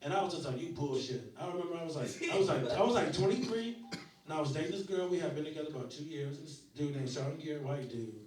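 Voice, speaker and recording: A man in his forties doing stand-up crowd work, loud and laughing as he riffs with the audience. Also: fairly high pitch, animated, fast, slight background noise. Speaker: stand-up comedian. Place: small comedy club. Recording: echoey club from far off, loud laughing crowd.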